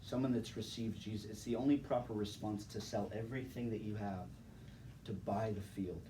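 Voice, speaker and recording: A man's voice: fairly low pitch, fairly even intonation, normal speed, warm tone. A young man casually telling his personal testimony to a live audience. He speaks in a laid-back, chatty way, laughs often and calls people "man" and "dude". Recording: distant mic with faint background noise.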